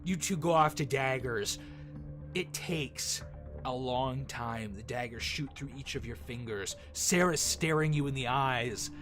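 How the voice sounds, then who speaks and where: A man's voice: mid-range voice, a little slow, over music. Casual man running a tabletop game. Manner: casual, laughs and hesitates. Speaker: dungeon master.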